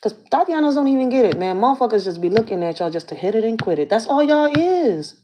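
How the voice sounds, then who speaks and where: Higher-voiced woman ranting on her channel, super lively ups and downs, blunt and cussing a lot. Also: fast, slight background noise. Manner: blunt, profane, slangy storytelling. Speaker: community activist and channel host. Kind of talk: casual rant to camera.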